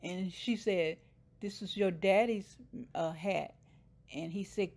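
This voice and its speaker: A woman's voice: mid-range voice, slow pace, darkish tone. A woman casually retelling a TV episode scene by scene, briefly voicing the characters' lines. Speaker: show recapper.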